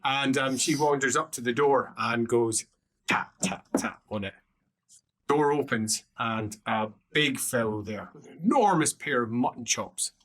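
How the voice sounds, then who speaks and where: A man narrating a tabletop role-playing game as game master, describing scenes in an unhurried way. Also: mid-range voice, a bit bright.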